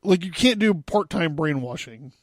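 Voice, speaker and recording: A man's voice: on the high side, animated, moderate pace, dry recording. A young man hosting a casual history podcast, rambling loosely with lots of fillers and asides. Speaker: podcast host.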